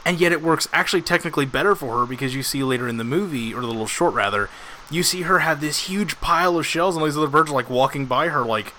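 Bright-voiced man, chatty and enthusiastic. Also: a little high, quick pace, a little hiss or hum. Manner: enthusiastic, chatty, many fillers. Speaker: podcast co-host. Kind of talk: casual chat.

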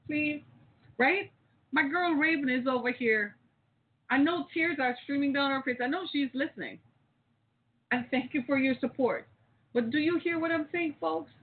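Preachy woman host on tinny audio. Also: high-pitched. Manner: preachy, rousing, addresses listeners directly. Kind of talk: impassioned call-in radio monologue.

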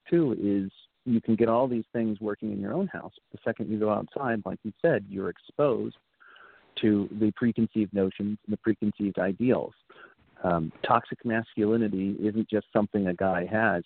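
A thoughtful man talks as a guest, measured and steady, with a few fillers. His voice sits somewhat low. The line is thin and phone-like, with a dry room. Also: creaky, slightly rough, dry recording. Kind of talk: casual chat.

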